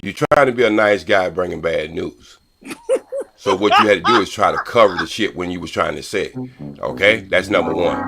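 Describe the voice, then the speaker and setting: A man's voice: deep voice, a little fast, gravelly, background noise. An older man on a live-stream panel, talking in a rambling, profane, combative way. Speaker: panel guest. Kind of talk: heated live-stream debate.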